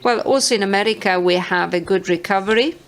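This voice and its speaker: A woman interpreting a conference talk, halting and hesitant, with many filler sounds between words. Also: mid-range voice.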